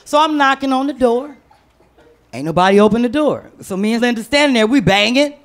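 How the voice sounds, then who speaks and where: A woman doing stand-up, telling a profane family story with animated, laughing delivery. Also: on the high side, a little fast. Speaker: stand-up comedian.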